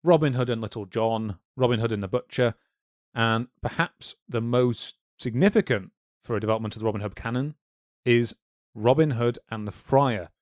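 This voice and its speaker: Male podcast co-host, mid-pitched, informal history explainer, dry studio sound. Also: normal speed, no room sound. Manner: informal, lecturing with fillers and asides.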